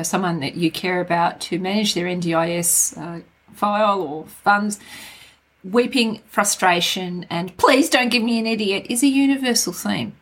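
A middle-aged Australian woman co-hosting a casual podcast chat, talking in a frank, wry and blunt way. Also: lowish voice. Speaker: podcast co-host.

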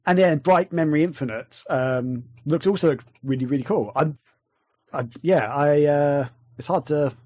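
A man's voice: on the high side, moderate pace, a little mellow, no room sound. A man with an English accent hosting a casual gaming podcast, rambling with lots of fillers and restarts. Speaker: podcast host.

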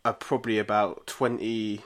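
A British man co-hosting a casual podcast, relaxed and laid-back, swearing now and then. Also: fairly low pitch, normal speed. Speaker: podcast co-host.

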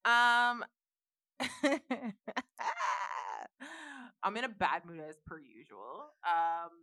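A woman's voice: on the low side, animated, a little slow, pushed and bright, no echo, clean studio sound. A woman co-hosting a podcast, talking candidly and emphatically in casual chat. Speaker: podcast co-host.

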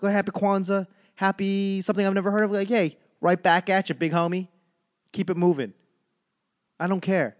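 A man performing stand-up comedy in a loose, ranting monologue. His voice sits a bit high for a man, and he talks in animated bursts broken up by fillers and restarts. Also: normal speed.

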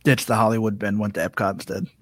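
A man's voice: fairly low pitch, fairly even intonation, fast, fairly bright tone, dry recording. Laid-back joking man, podcast co-host. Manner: joking, laughs easily. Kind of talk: casual live-stream chat.

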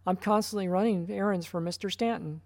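A woman's voice: medium pitch, fairly even intonation, brisk, darkish tone, no echo, studio quality, natural voice. A woman voicing an agreeable young female office assistant in a story she narrates. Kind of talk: first-person story narration.

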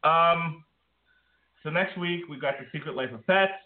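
A man's voice: a little high, moderate pace. A man co-hosting a casual podcast, joking, teasing and rambling between announcements. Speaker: podcast co-host. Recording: tinny phone-like sound in an echoey room.

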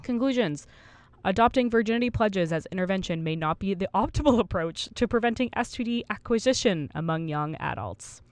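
A woman's voice: medium pitch, expressive, a little fast, no room sound. A woman in her twenties co-hosting a casual podcast, reading study findings aloud and laughing at her own slips. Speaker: podcast co-host.

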